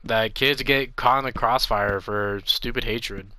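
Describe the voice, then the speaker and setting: Young male gamer, offhand and blunt, bright voice, dry close recording. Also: mid-range voice, fairly even intonation, unhurried, no room sound. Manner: reads dialogue aloud, blunt offhand remarks. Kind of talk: casual game commentary.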